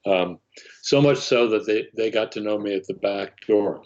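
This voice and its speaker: An older man, a guest in an interview, telling a long anecdote in a halting way, full of fillers and restarts. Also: fairly low pitch, darkish tone. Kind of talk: anecdotal storytelling. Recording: muffled lo-fi audio.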